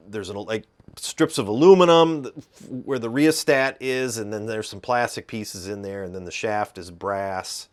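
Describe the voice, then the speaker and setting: A man with a Midwestern accent talking casually about gear, rambling with fillers and restarts. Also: fairly low pitch. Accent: Midwestern American. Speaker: guitar video host. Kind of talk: casual explanatory talk.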